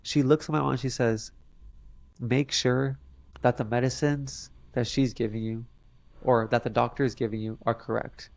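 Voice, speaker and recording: A young man, a podcast guest, telling a long story in a halting way with many fillers and restarts. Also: medium pitch, fairly even intonation, gravelly, darkish tone, no echo. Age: young adult. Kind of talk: casual storytelling interview.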